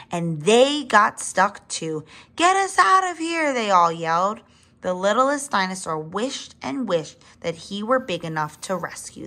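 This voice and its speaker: Expressive woman reading a children's story. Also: medium pitch. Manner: expressive, with asides to young listeners. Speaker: reader. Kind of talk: children's story read-aloud.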